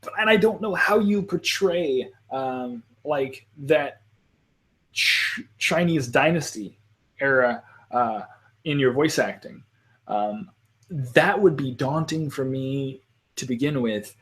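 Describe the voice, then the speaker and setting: A man of middle pitch hosts a casual live panel, friendly and rambling. He talks loosely and warmly to his co-panelists, often pausing on "um" and "uh" before moving on. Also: expressive. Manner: rambling, friendly, lots of fillers. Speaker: panel host.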